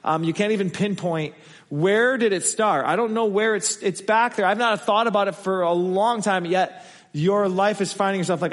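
A man with a slightly high voice preaches to his congregation in a relaxed, conversational way, now and then slipping into the voices of the people he quotes. The sound rings out with a long hall reverb. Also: moderate pace. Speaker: pastor. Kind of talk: sermon.

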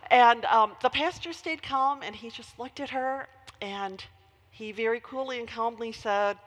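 Lady preacher telling stories in her sermon, kinda high voice, lots of hall reverb. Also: normal speed. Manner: animated storytelling.

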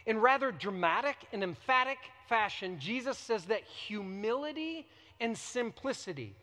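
A man preaching a sermon as a pastor, emphatic, with dramatic pauses and repetition. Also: high-pitched, animated, pushed and bright, big-room sound. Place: church sanctuary.

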